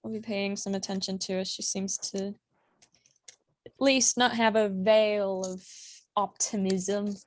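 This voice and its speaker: A woman's voice: mid-range voice, level tone, unhurried, no room sound. A woman playing a tabletop game who speaks in a dry, laconic way. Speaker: player.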